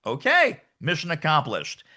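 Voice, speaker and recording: A middle-aged man, a guest author and sales coach, talking emphatically in an energetic podcast interview. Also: a little high, measured pace. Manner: emphatic, animated, acts out quoted voices.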